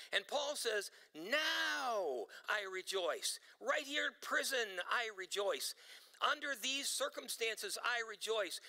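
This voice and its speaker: A man preaching a sermon as pastor, emphatic, slowing down to dwell on quoted lines. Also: high-pitched, pushed and bright. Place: church sanctuary. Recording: long hall reverb in a church.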